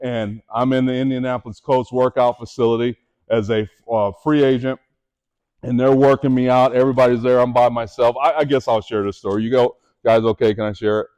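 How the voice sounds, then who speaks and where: A man's voice: medium pitch, a little fast, clean tone, muffled recording. A middle-aged man giving a motivational talk to students, telling his story with animation and asking the audience direct questions. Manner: animated storytelling, voices the people in his stories. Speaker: motivational speaker.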